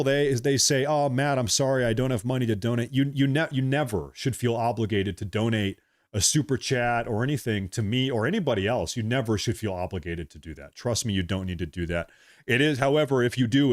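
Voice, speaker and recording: A man's voice: medium pitch, dry recording, studio quality. A man hosting a livestream in a casual, rambling way, reading out viewer messages and thanking them again and again. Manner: rambling, repeats himself, frequent thanks. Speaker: livestream host. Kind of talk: casual livestream chat reading super chats.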